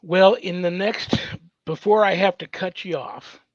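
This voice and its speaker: A man's voice: sits high, unhurried, no echo. A man who is a priest hosting a paranormal interview show, talking effusively and blessing his guest. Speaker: host, priest. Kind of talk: casual interview chat. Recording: dry, dull lo-fi sound.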